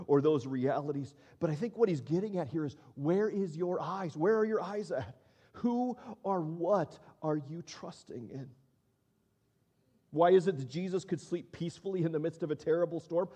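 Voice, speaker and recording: In a church auditorium, a pastor delivers a sermon in a warm voice that sits high. He speaks conversationally, asking questions and repeating his words as he thinks.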